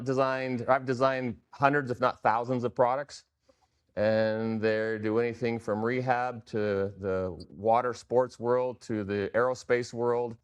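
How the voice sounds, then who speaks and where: Male guest, casual storyteller, average pitch, loose and chatty. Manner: relaxed, rambling, self-correcting. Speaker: guest, fitness product founder. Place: company showroom.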